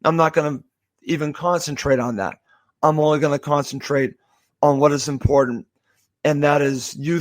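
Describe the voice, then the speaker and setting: A man's voice: fairly high pitch, no echo. Emotional man signing off. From Boston area, USA. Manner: halting, with repeated thanks and restarts. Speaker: podcast host. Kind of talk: heartfelt farewell monologue.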